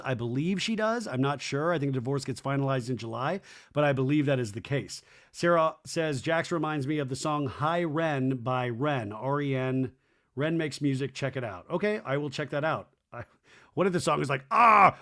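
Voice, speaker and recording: A man hosting a casual podcast, reading out listener comments and chatting about them, thinking aloud with plenty of fillers and hedges. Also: mid-range voice. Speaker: podcast host.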